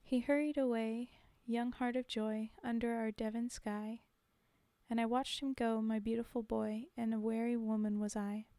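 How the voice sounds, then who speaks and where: A woman's voice: on the high side, flat delivery, moderate pace, warm tone, dry recording. A woman on a live stream reciting poems aloud through a desk mic, with chatty, self-deprecating asides to her viewers. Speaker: streamer reading poetry. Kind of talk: live-stream poetry reading with casual chat. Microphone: desk mic on a streaming setup.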